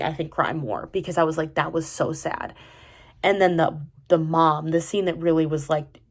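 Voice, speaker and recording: Low-voiced young woman, rambling chat. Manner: rambling, many "like" fillers and restarts. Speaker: vlogger reviewing a TV drama. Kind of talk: casual chat.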